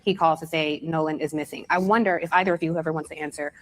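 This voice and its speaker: A woman hosting an interview who asks measured questions and lays out the timeline of events. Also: sits low, fairly even intonation. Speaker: interviewer, host.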